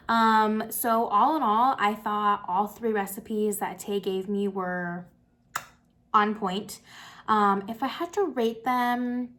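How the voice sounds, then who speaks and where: A woman's voice: medium pitch, fairly bright tone. A young woman talking casually through a cooking vlog, chatty and upbeat, with lots of fillers. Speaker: vlogger.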